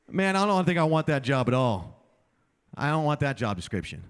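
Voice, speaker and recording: A man's voice: a little high, big pitch swings, normal speed, long pauses, smooth. A man giving a chapel sermon in a conversational, storytelling way, often putting questions to the audience. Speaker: chapel speaker.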